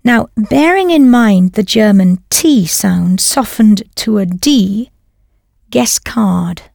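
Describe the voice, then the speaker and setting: A woman's voice: medium pitch, lively intonation, takes it slowly, gravelly, a little mellow, no room sound, clean studio sound. A woman narrating a scripted audio language lesson, patiently prompting the learner and then confirming each answer. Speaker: language teacher.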